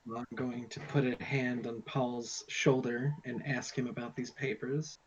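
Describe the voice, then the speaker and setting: A man's voice: medium pitch, level tone, a little slow, highs cut off, slight background noise. A man playing a tabletop game, reasoning things out casually. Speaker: player.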